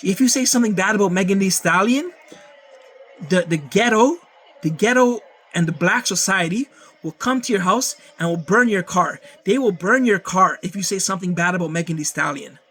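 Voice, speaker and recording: A man's voice: high-pitched, normal speed, bright, forceful tone, poor audio. A man ranting casually to camera, often stammering and repeating words, with plenty of swearing. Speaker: vlogger.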